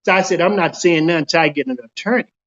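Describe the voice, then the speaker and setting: High-voiced man telling his story. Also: fast, lo-fi sound. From Dallas, Texas. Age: middle-aged. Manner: animated storyteller acting out quoted dialogue. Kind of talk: casual storytelling interview.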